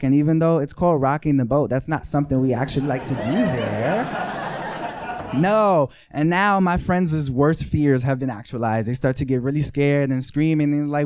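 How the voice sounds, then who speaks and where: A man tells a story live on stage, lively and theatrical, acting out every exchange. His voice is warm and mellow, and the sound is dry and close. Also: on the high side, no echo. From the Bronx, New York. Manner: animated, acts out dialogue, repeats phrases for rhythm. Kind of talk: live first-person storytelling.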